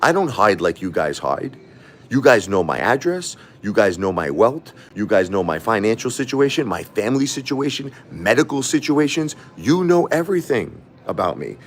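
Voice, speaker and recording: Combative man ranting, wildly swinging pitch. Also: big pitch swings, normal speed, a little hiss or hum. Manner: combative, taunting, repeats himself; boastful. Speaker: livestreaming YouTuber. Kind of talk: ranting livestream monologue.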